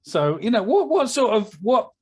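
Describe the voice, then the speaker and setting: Lively teasing male podcast host. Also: very high voice, moderate pace, slightly rough. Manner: teasing, asks questions, chuckles. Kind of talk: casual chat.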